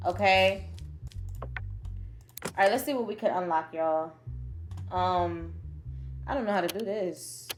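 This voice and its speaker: A woman's voice: on the low side, slow, pauses often, faint music behind. A woman streaming gameplay, reading the game text aloud and chatting straight to her viewers. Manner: chatty, addresses viewers directly; reads game text aloud then reacts. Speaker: gaming streamer. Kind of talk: gameplay commentary.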